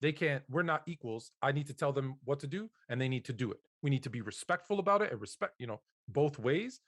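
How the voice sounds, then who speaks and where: Man, sports talk co-host: measured, careful, stammers on restarts. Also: medium pitch, lively intonation, a bit bright. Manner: measured, stammering restarts when pushing back. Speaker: podcast co-host. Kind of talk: casual sports debate.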